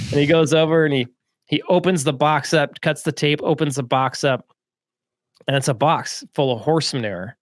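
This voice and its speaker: A podcast host who lives in Florida tells a casual story on a business podcast, laid-back and chatty with loose delivery and plenty of fillers like "like" and "right?". His voice is of ordinary pitch at a moderate pace, recorded close and dry with no room sound.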